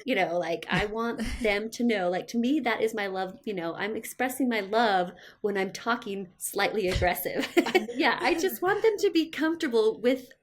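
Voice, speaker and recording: A middle-aged woman talks on a podcast in a reflective, easygoing way. Her voice sits a bit high. She often pauses with fillers. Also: animated. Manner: warm, reflective, with frequent fillers. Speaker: podcast co-host. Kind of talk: casual podcast chat.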